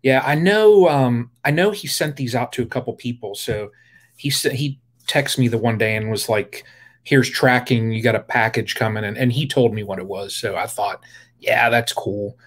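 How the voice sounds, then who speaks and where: A man's voice: mid-range voice, normal speed. A man hosting a casual beekeeping livestream, rambling with lots of fillers and greeting viewers by name. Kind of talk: casual live-stream chat.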